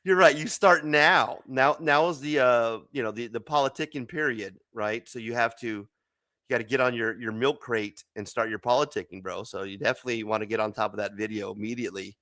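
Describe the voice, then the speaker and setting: A man's voice: medium pitch, fairly quick, pushed and bright, no room sound. A man from Arizona hosting a casual late-night comics show, joking and laughing often. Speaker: host.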